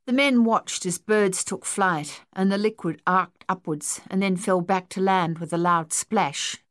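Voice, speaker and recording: A woman narrating a novel in steady, even storytelling. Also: mid-range voice, measured pace, dry recording, clean studio sound. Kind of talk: audiobook narration.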